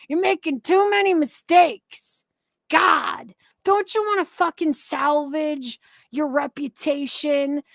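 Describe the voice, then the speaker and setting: A high-voiced woman rants through angry live-stream commentary, swearing freely and scolding the people she talks about. Her delivery is slow and deliberate, and the sound is dry and close. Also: no echo. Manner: profane, ranting, heated.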